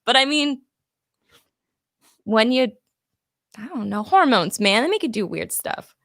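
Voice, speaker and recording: A woman co-hosting a casual podcast, giggling and tossing in quick reactions. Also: fairly high pitch, big pitch swings, a bit bright, no echo, clean studio sound. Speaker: podcast co-host. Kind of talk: casual chat.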